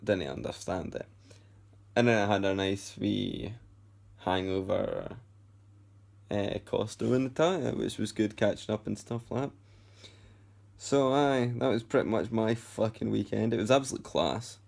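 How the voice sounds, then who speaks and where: A man's voice: on the low side, measured pace, vocal fry, darkish tone. A tired young man with a Scottish accent, rambling and swearing casually about his weekend as a vlogger. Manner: rambling, sweary, self-correcting. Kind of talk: casual chat.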